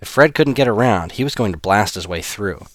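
A man narrating an audiobook chapter in a steady storytelling manner. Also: fairly low pitch, brisk, dry recording, studio quality. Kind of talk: scripted narration.

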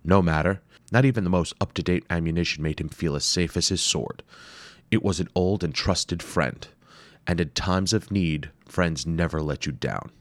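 A man narrating a storybook adventure in a steady, measured way. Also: deep voice, no echo. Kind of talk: storybook reading.

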